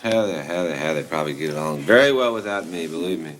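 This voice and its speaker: A man's voice: on the high side, sing-song, fairly quick, fairly bright tone, slight background noise. An actor playing a despairing, drunken young man in a 1970s TV soap, glum and given to anguished outbursts. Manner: glum, mumbling, bursting into anguished outcries. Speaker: son-in-law in a TV soap opera.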